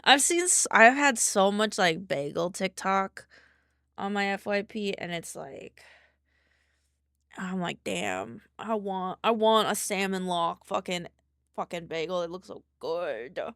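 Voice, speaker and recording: A woman's voice: mid-range voice, slow, fairly bright tone, no room sound, studio quality. A young adult woman streaming, chatting loosely with her viewers and swearing casually as she reads chat aloud.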